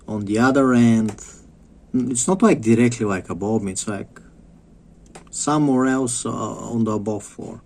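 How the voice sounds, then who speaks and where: A man's voice: fairly low pitch, a little mellow. A man from Bulgaria, ranting in a rambling monologue, swearing often and repeating himself. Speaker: vlogger. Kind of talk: profane monologue rant.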